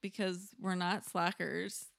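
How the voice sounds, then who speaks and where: A woman's voice: on the low side, level tone, slow, vocal fry, a little hiss or hum. A woman co-hosting a podcast in casual, playful chat. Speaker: podcast co-host.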